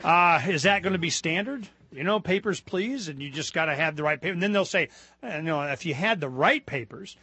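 A man hosting a casual political talk radio show, animated and rambling. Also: a little high, a little fast, husky, no room sound.

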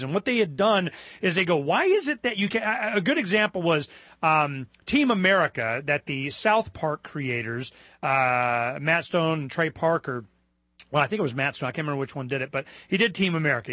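A man hosting a casual political talk radio show, animated and rambling. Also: on the high side, no room sound.

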